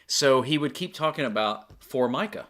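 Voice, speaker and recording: A man's voice: medium pitch, normal speed. A man co-hosting a podcast in casual chat, telling stories in a playful, jokey way. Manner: animated storyteller, playful and jokey. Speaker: podcast co-host.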